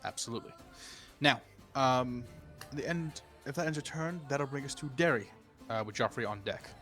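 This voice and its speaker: A man's voice: mid-range voice, normal speed, fairly bright tone, faint music behind. A man narrating as game master of a tabletop game, chatty and laughing, with many fillers.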